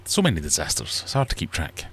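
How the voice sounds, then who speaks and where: A man's voice: sits low, wildly swooping pitch, fast, a bit bright, slightly rough. A middle-aged man hosting a casual livestream chat from his fish room, rambling and self-deprecating. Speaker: livestream host. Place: small warm fish room at home.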